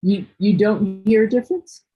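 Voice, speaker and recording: A woman's voice: mid-range voice, slightly rough, narrow, tinny audio, soft background music. A woman teaching English one-on-one, explaining patiently and going back over her words. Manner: patient, explains slowly with repeats and restarts. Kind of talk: one-on-one online ESL lesson.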